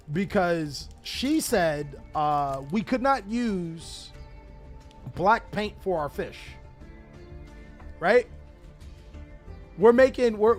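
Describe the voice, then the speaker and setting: A young man hosting his channel, telling a story casually to his chat, animated, laughing often and swearing freely. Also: high-pitched. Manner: animated, laughing, profane, chatty. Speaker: channel host.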